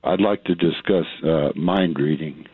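Very deep, tired older male caller on a phone line. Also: a little slow, slightly rough, dry recording. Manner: terse, tired, plain-spoken. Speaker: radio caller. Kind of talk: phoned-in call.

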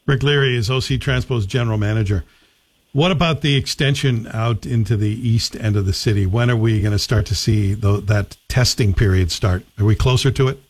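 A man's voice: lowish voice, a little fast, slightly rough. A man hosting a radio interview, asking questions in a conversational, thoughtful way. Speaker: radio show host.

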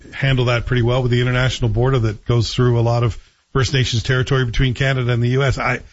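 Husky-voiced male radio host, dry studio. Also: mid-range voice, dry recording, muffled recording. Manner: conversational, opinionated, chuckles between points. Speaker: radio morning show host. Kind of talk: casual talk radio chat. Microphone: studio microphone.

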